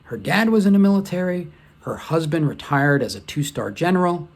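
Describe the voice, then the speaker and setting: A man's voice: a little high, darkish tone, husky. A man presenting a training lesson as scripted, conversational storytelling.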